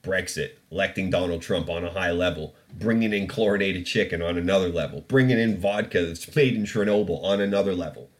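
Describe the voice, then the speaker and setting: A man's voice: sits low, a little fast, few pauses. A man hosting a podcast in a studio, ranting about the news in casual, profane, opinionated commentary. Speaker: podcast host.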